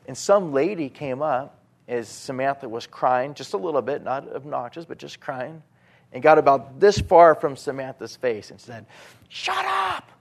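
A man preaching a sermon, animated, moving between loud emphatic lines and quiet asides. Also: mid-range voice, normal speed, vocal fry.

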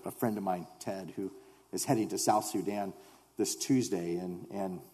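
A man delivering a sermon with fervent, emphatic force that drops now and then to a near hush. His voice is mellow and dark. A long reverb from a large hall trails every phrase. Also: medium pitch. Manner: impassioned, rising to loud emphatic stretches, then dropping quiet. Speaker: preacher.

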